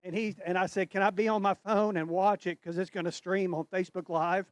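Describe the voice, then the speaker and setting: A middle-aged man speaks with a high-pitched, earnest voice. He sounds heartfelt and close to tears, and the recording is dry and close. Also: steady tone, fairly quick, no echo. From Tennessee. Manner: heartfelt, earnest, slightly choked up. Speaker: tournament angler. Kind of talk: on-stage interview.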